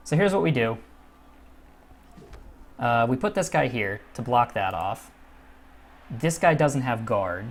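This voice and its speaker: Casual let's-play commentary comes from a man hosting a gaming channel. Swearing liberally, he alternates between muttering softly and erupting in frustration.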